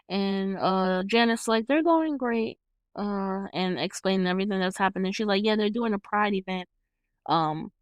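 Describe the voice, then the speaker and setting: A young woman hosts her own show and retells a film scene by scene, with an animated, laughing delivery and casual swearing. Her voice is smooth and clear, with a medium pitch. The recording is dry and close, with no room sound. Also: dry recording. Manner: swears freely. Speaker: host reviewing a movie. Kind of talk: casual solo commentary.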